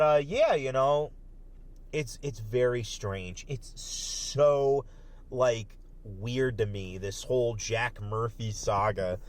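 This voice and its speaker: A man hosting a commentary video in a rambling, profane rant. He laughs often and swings between loud bursts and muttered asides. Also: on the high side. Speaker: online commentary host.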